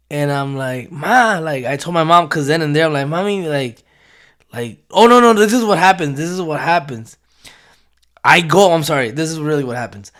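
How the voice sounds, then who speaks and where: A man's voice: on the high side, a bit bright. Profane rambling young man. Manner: rambling, profane, switches into Spanish phrases. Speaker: storyteller. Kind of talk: casual storytelling.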